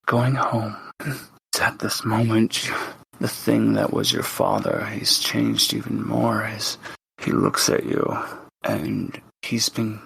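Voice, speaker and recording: A man's voice: fairly low pitch, flat delivery, slow pace, vocal fry, fairly bright tone, husky. A man narrating a tabletop game as game master, speaking dramatically to the player and often dropping to a whisper.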